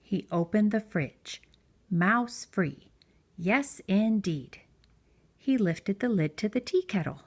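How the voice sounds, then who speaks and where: A woman reading a picture book aloud to young children, gentle and expressive. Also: medium pitch, slow pace. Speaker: children's story reader. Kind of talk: read-aloud storytelling for preschoolers.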